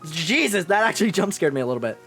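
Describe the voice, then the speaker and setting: Excitable male streamer reacting loudly to a game, animated pitch. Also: fast talker, over music. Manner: excitable, laughing, swearing. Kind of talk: live game playthrough.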